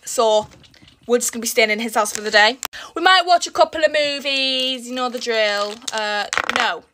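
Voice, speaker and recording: Teen beauty vlogger, high and exasperated, recorded over steady cricket background noise. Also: female voice. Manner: rushed, exasperated, chatty. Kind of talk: casual get-ready-with-me chat. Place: home, indoors. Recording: noisy room with background cricket sounds. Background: cricket sounds from a smart speaker.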